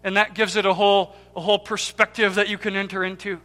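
A man preaching a sermon with impassioned swings between loud cries and hushed, near-whispered words, repeating key words for emphasis. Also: sits high, level tone, fast. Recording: long hall reverb with faint music.

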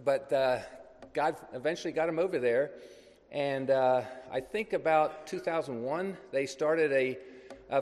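Man, somewhat high voice, missionary telling a church story, unscripted and anecdotal, long hall reverb. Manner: conversational, anecdotal, loose with pauses. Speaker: missionary speaker.

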